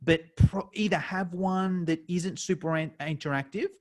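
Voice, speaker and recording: A male podcast host sets up the conversation in a relaxed, easygoing way. His sentences trail off into fillers and small chuckles as he hands over to his guest. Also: high voice, moderate pace. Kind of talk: podcast interview.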